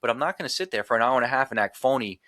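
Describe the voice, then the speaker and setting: A man's voice: mid-range voice, expressive, very fast, fairly bright tone, no room sound. A man talking as a podcast guest in casual chat, ranting emphatically and swearing often.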